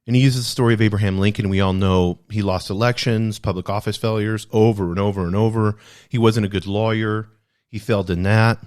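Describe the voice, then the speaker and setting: A man's voice: fairly low pitch, steady tone, a little fast, a little mellow. A man hosting a podcast, discussing a self-help book in an earnest, reflective way and repeating key phrases for emphasis. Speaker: podcast host.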